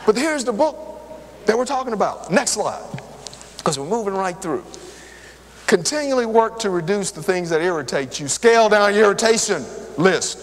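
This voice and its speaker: An older man with a high-sitting voice preaches a sermon at a normal speed, sharing personal stories and addressing the congregation directly. His delivery is lively and conversational as he speaks straight to the crowd. The church hall adds a long reverb to the recording.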